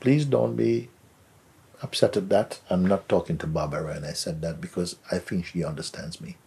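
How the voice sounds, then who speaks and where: A man giving a soft, unhurried spiritual talk as a teacher answering a question. He often trails into a whisper and gently repeats words for emphasis. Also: sits low, fairly even intonation, gravelly, husky.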